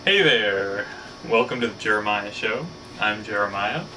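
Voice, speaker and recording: A man's voice: lowish voice, animated, measured pace, bright, forceful tone, slight background noise. A man hosting his own show, telling a story casually, rambling with lots of fillers. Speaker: show host. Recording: slightly distant mic, faint ambience.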